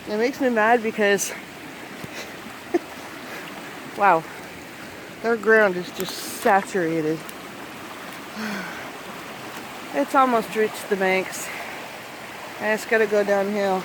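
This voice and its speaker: A woman vlogging outdoors on a flooded farm, chatting to the camera and jokingly grumbling at her animals. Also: mid-range voice. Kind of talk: casual vlog narration. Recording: outdoor noise, running creek water. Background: rushing water.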